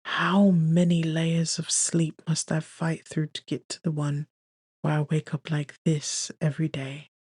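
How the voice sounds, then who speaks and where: A woman reading the lines of a charming male film star in a soft, near-whispered murmur. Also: low voice, fairly even intonation, measured pace, creaky, breathy edge, dry recording, clean studio sound, heavily acted. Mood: tender murmur.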